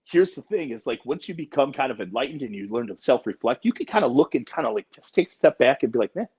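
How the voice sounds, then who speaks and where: A man in his forties talks in a casual podcast chat, blunt and emphatic, swearing freely. His voice is husky and a little breathy. The recording sounds dull and lo-fi. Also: medium pitch, expressive, fast talker, darkish tone. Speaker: podcast co-host.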